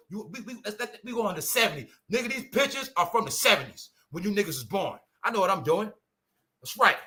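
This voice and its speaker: His voice is extremely high-pitched, bright and forceful: a Brooklyn-born YouTube commentator with a New York accent, ranting solo. He swears and hammers his points home, repeatedly responding to himself with "that's right."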